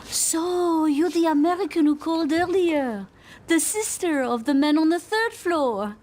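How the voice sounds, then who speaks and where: An actress voicing a welcoming Parisian woman in a game trailer, with a put-on French accent and breathy shivering asides. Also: very high-pitched, lively intonation, a little slow, darkish tone.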